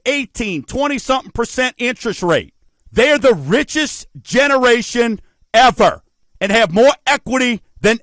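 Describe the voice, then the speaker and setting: Speaking at an extremely high pitch with a slightly bright tone, a middle-aged man runs a mortgage talk show on radio. Folksy and emphatic, he tosses out rhetorical questions and calls listeners folks, all in a dry recording.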